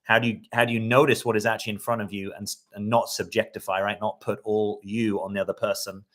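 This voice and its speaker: A man's voice: fairly low pitch, level tone, fast talker, fairly bright tone. Reflective male coach talking live. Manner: reflective, conversational, often checks in with "right?". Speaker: dating coach. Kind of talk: live-stream talk answering viewer comments.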